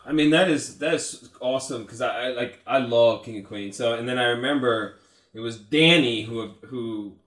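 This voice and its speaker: A man's voice: medium pitch, normal speed. A man hosting a podcast, chatting casually and chiming in with short agreements. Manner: relaxed, chimes in with short agreements. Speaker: podcast host. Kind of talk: casual chat. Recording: roomy, echoey sound.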